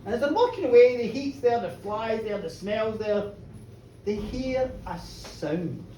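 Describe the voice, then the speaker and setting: A woman tells a folk tale live, chatty and playful, her high voice swooping up and down. She is recorded from a distance in an echoey pub with faint noise behind. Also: big pitch swings, unhurried, dark tone. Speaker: storyteller. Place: pub storytelling show, indoors. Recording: roomy bar, distant mic, faint noise.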